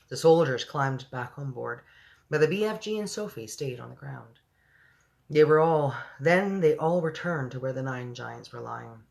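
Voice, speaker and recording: A woman's voice: a bass voice, creaky. A woman reading a children's book aloud, breaking off for chatty asides and laughing at her own slips. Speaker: storyteller.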